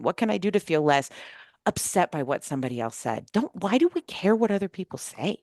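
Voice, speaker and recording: A woman's voice: lowish voice, fairly quick, no echo, studio quality. A woman on a podcast panel speaking emphatically about her team, acting out what people say. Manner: emphatic, animated, quotes people in dialogue. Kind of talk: casual panel discussion.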